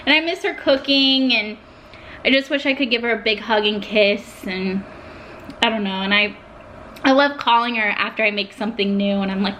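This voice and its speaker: A young woman talking casually and warmly to her viewers about her love of cooking, getting emotional at times. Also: mid-range voice, moderate pace, slight background noise. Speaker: vlogger. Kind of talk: casual talk to camera.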